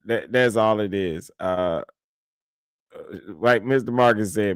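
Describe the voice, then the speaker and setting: A man's voice: on the low side, expressive, normal speed, no room sound, studio quality. Blunt, laughing man reacting to a clip. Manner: blunt, incredulous, laughs often. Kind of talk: casual reaction commentary.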